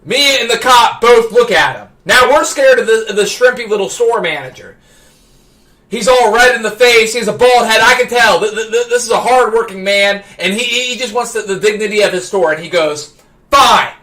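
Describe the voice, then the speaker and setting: A man on a live stream telling a story from his childhood, excitable, stumbling over restarts and working up to shouts. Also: sits high, moderate pace. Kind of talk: animated anecdote telling.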